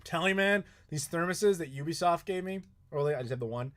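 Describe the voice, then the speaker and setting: A man's voice: fairly high pitch, fairly quick, fairly bright tone. A man in his thirties hosting a live stream from home, answering chat questions in a rambling, casual way with some swearing. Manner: rambling, chatty, with frequent swearing and laughs. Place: home in Chicago.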